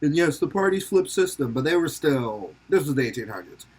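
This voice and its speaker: A man's voice: on the high side, expressive, brisk, a little mellow, husky. A young man hosting a podcast, rambling and joking in casual commentary, laughing often and swearing freely. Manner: slips into silly put-on voices for quotes. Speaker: podcast host.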